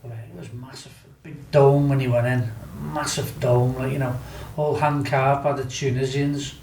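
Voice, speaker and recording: A man's voice: medium pitch, little pitch movement, normal speed, darkish tone. Rambling Scouse man in an echoey room. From Liverpool, England. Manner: rambling, fillers like "do you know what I mean". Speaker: guest storyteller. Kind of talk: casual storytelling. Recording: echoey room with faint noise.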